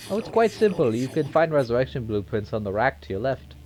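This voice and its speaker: A man's voice: medium pitch, big pitch swings, quick pace, darkish tone, pitched above the performer's own voice, lightly acted. A courteous undead zombie with a mock German accent, as a man puts him on. He talks in a raised, formal voice, lonely but cheerful about his rotting state, in a video-game dungeon scene. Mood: chatty.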